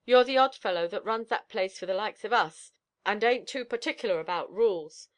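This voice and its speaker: A woman reader voicing a ragged, worn-out young mother with a husky, sneering voice, in a storybook reading. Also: mid-range voice, a little fast, lightly acted. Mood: weary. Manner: sneering, weary.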